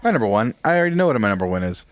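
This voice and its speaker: Rambling, lively, slightly tipsy man. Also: fairly low pitch, rapid-fire, background noise. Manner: rambling storyteller, swears freely. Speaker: podcast co-host. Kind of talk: casual chat.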